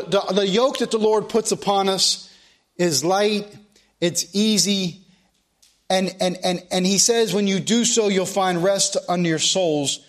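A man preaching a sermon, quoting scripture in old-style wording and repeating key phrases. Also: sits high. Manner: repeats phrases, quotes King James scripture.

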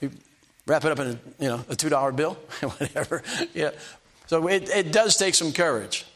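An older preacher tells homespun stories from the pulpit. His voice sits a little high for a man, and he stumbles and restarts as he goes, then slows right down to land each punchline. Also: a bit bright. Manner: folksy storytelling, stumbles and restarts, slow emphatic punchlines. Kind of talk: sermon with personal stories.

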